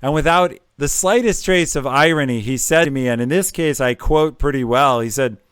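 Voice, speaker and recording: A man's voice: mid-range voice, moderate pace, a bit bright, smooth, dry recording, clean studio sound. A middle-aged man hosting a live stream with career advice, chatty and jokey, rambling with ums and uhs. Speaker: livestream host giving career advice. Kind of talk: casual live-stream chat.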